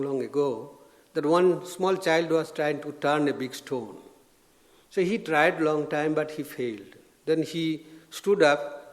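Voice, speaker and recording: A man, a swami, giving an informal spiritual talk, gentle and anecdotal with frequent restarts. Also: on the high side. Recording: long reverb of a lecture hall.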